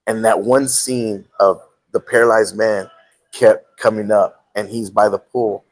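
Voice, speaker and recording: A man's voice: lowish voice, steady tone, unhurried. A man hosting a live talk show, telling a personal story in a casual way, with frequent restarts. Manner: storytelling with many restarts and acted quotes. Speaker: host.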